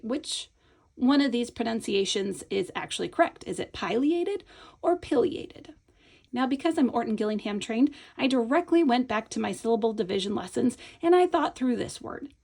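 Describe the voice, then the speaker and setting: A middle-aged woman teaching a lesson, patient and explanatory, slowing down to model each sound and often checking in with "right?". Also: a little high, darkish tone. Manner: slows and stretches words when modeling sounds. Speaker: teacher trainer. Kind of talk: instructional video lesson.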